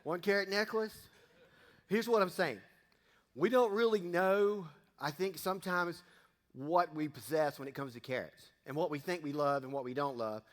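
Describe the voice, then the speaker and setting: A man's voice: a little high, moderate pace. A middle-aged man, giving a casual sermon, folksy and joking with the congregation. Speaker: pastor. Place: church sanctuary. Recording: long reverb of a church hall.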